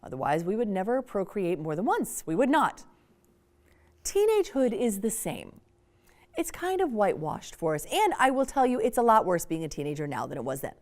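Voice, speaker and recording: A woman's voice: mid-range voice, normal speed. A woman giving a conversational parenting workshop talk to an audience, often acting out examples. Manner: animated, conversational, acts out examples. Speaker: workshop speaker.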